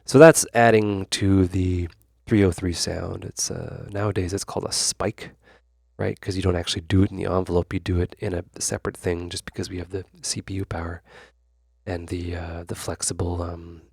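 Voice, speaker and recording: A man's voice: low-pitched, little pitch movement, moderate pace, gravelly, darkish tone, breathy edge, dry recording, clean studio sound. A man hosting his own channel, walking through a synth demo in a loose, rambling way, full of fillers and side remarks. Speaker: YouTube host. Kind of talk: casual synth demo tutorial.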